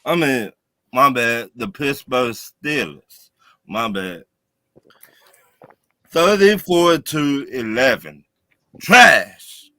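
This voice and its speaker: A slow-talking man with roasts football teams on a podcast. His voice is bright and swings widely in pitch, and the sound is dry and close. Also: big pitch swings, dry recording. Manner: mocking, drawn-out and sing-song, cries out in mock grief. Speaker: podcast co-host. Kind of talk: casual sports banter.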